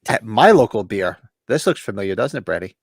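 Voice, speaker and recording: Man host, loose rambling chatter, lively pitch, dry close sound. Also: brisk, vocal fry, husky, dry recording. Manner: rambling, restarts mid-sentence. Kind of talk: casual live watch-along chat. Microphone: webcam stream setup.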